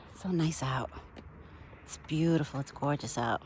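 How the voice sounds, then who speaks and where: A woman's voice: low-pitched, a little slow, a little mellow, a little hiss or hum. A woman vlogging outdoors while feeding a deer, chatty and bubbly, laughing often and a little out of breath. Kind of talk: casual outdoor vlog. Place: outdoors in a yard.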